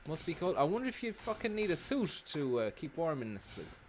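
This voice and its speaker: A man giving sweary, joking live commentary while playing a game, now and then bursting into loud shouts. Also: a little high, sing-song, fairly quick, noisy background. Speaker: gaming streamer.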